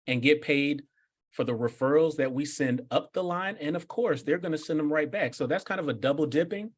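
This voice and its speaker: A man leads a live business workshop, fielding questions with an energetic, conversational coaching style. His voice sits a little higher than most men's. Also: a little fast, slightly rough.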